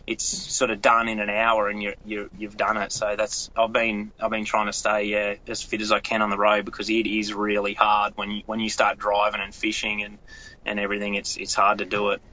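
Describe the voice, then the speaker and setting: A man's voice: lowish voice, completely flat delivery, brisk, bright, forceful tone. A young Australian man, a pro angler and guest, talking earnestly in a rambling way with many restarts. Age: young adult. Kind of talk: casual interview talk. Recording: slightly dull audio.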